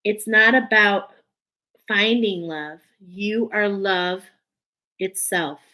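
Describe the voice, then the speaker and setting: A woman's voice: medium pitch, slow pace, pushed and bright, rough recording. A woman giving an emotional, earnest spiritual oracle card reading, teary at times.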